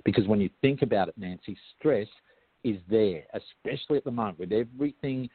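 A man's voice: on the low side, animated, fast talker, creaky, husky, no room sound. Chatty Australian man on a tinny line. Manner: chatty, digressive, self-interrupting. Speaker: guest hypnotherapist. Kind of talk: casual explanatory interview talk. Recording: tinny phone-like line, dry.

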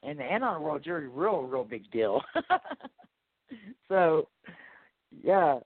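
A woman's voice: sits low, lively intonation, unhurried, husky, no room sound. A woman with a Texas accent hosting an interview, chatty and enthusiastic. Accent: Texan. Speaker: host. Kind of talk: casual interview. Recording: tinny phone-like line, dry.

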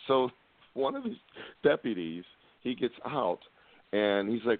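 Guest from Pennsylvania on a phone line, low-voiced man, lively storyteller. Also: normal speed, long pauses, no echo. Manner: animated storyteller, acts out the people he quotes. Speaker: guest researcher. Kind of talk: casual storytelling on a call-in show. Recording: tinny phone line, dry.

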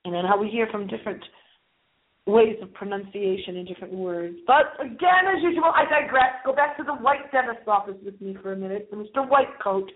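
A woman's voice: mid-range voice, fairly quick. A woman hosting a paranormal talk show in a playful, theatrical way. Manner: theatrical and playful, with big swoops in tone. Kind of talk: casual solo show monologue. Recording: tinny phone-like sound.

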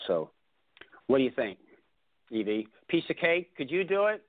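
A man's voice: mid-range voice, very animated, moderate pace, long pauses, no room sound. A man hosting a radio talk show as an ADHD coach, telling a story emphatically with lots of repetition. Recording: dry, phone-like line.

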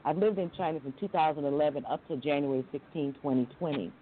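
A middle-aged woman from Long Island, a talk show guest telling her story in a candid, animated way. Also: quick pace, slight background noise. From Long Island, New York. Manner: animated, candid, jumps into high quoted voices. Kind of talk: casual interview storytelling. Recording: tinny phone-like call audio.

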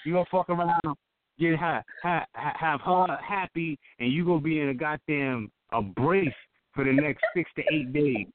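A man's voice: fairly high pitch, moderate pace, no room sound. A man co-hosting a casual comedic chat show, playful and crude, laughing often and leaning on "you know what I'm saying". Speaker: co-host. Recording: tinny phone-like line.

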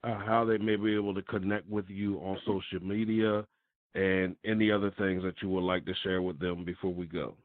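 Male radio host, lowish voice, upbeat, tinny phone sound. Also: little pitch movement, brisk, no echo. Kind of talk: interview hosting. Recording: phone-like line, dry.

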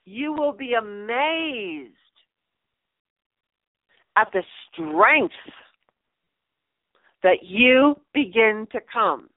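A woman's voice: a little high, lively intonation, drawn-out words, long pauses, dry recording. Emphatic middle-aged woman on a phone-like line. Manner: emphatic and repetitive, addressing listeners fondly. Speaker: radio show host and numerologist. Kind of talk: inspirational radio advice talk. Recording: narrow phone-like line, dry.

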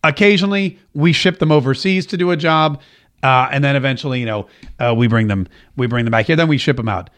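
A man's voice: medium pitch, quick pace, a bit bright. A man hosting a political podcast and radio show, giving emphatic commentary and repeating phrases for stress. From United States.

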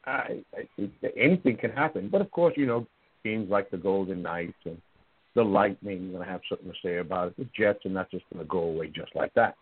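A man with a Southern US accent, hosting a sports talk show in an animated, teasing way and often repeating words. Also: deep voice, brisk, breathy edge, no echo. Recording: tinny phone-like line.

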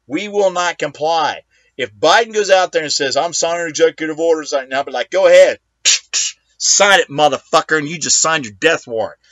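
A man's voice: on the high side, a little fast, fairly bright tone, no echo. Profane ranting male talk show host. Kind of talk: solo political talk show monologue.

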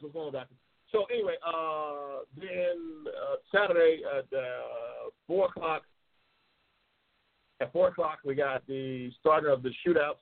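A talk show host from New York City talks loud and passionate, swears heavily, and reads out viewer comments on a live show. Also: male voice, a little high, creaky. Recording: tinny phone-like audio.

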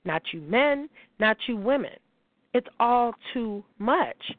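A podcast host delivers an emotional monologue that is blunt, heated, and profane. Her slightly high voice is animated but slow-paced, with no echo and a tinny, phone-like sound.

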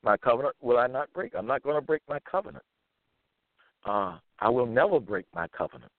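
A man reading scripture verses aloud and commenting on them, slowly repeating phrases with fillers between them. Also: medium pitch, dry recording. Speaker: self-styled preacher. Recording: tinny phone-like line.

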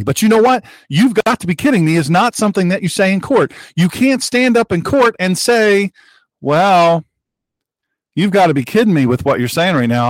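A man hosting his own broadcast, giving emphatic political commentary with heated repetition. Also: no echo. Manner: heated and emphatic, with sharp pitch jumps and repetition. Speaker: host of an online broadcast.

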